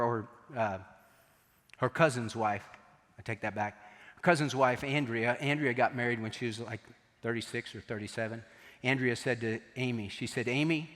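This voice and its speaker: A middle-aged man preaching a sermon, telling a story in an animated, joking way. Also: mid-range voice, moderate pace. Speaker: pastor. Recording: long echo of a large hall.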